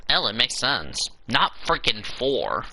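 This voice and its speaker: A man's voice: medium pitch, very animated, slow, noisy background. A man hosting a casual show, reading through a schedule and breaking in with exasperated asides. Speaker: show host. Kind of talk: casual podcast commentary.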